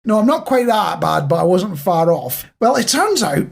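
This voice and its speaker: Husky-voiced man chatting on a podcast. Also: sits high, very animated, normal speed. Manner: chatty, addresses the listener directly; playful, self-mocking. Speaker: podcast co-host. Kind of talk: casual chat.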